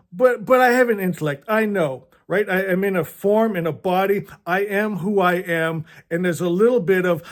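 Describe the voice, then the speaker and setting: A high-voiced man preaching to his followers as a self-styled magus. His delivery is fiery and emphatic, laced with swearing, and he stammers and restarts his sentences as he pushes his points. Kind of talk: impassioned spiritual talk to followers.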